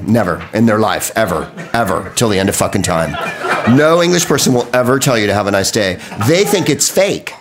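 An American man delivering a profane comedic monologue on a podcast, riffing with quick impressions. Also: lowish voice, animated, noisy background. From United States.

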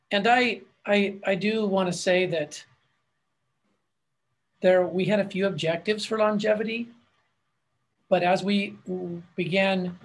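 A man's voice: high-pitched, creaky. A man, a company founder and CEO, explaining a product in a meandering way with frequent restarts. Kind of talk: webinar product talk.

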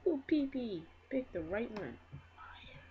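A woman giving casual let's-play commentary on her own game, excitable and trash-talking. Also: mid-range voice, phone-quality sound. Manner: excitable, trash-talking, quick to get frustrated. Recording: loud noise and mouse clicks behind.

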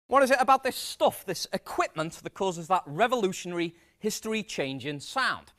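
A man gives a comic science demonstration to a live audience. His voice sits high and swoops about, and he talks in an energetic, self-mocking way. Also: moderate pace, soft background music. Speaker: science presenter. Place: stage before a live audience.

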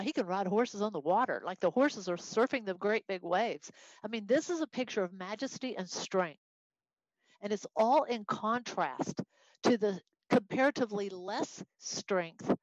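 A woman teaching a Bible study in an expressive, conversational way, reading scripture aloud and explaining it. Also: mid-range voice, no echo, dull audio.

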